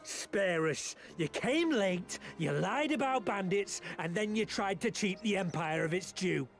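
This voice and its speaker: An actor playing an arrogant, bullying imperial soldier in a video game, with a barking, contemptuous delivery. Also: male voice, high-pitched, lively intonation, measured pace. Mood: sneering.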